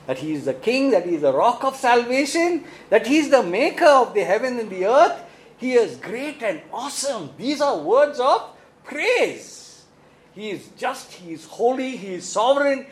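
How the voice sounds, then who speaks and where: A man's voice: very high voice, measured pace, low-quality recording. A man with an Indian English accent preaching a sermon, asking rhetorical questions and often tagging "right?". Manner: animated, rhetorical questions, frequent "right?" tags.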